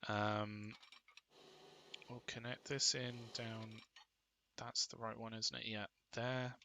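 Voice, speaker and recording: A man's voice: lowish voice, flat delivery, slow pace, creaky, sharp tone, slight background noise. A man giving casual commentary while playing a game, muttering to himself and getting mildly exasperated. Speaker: gaming video creator.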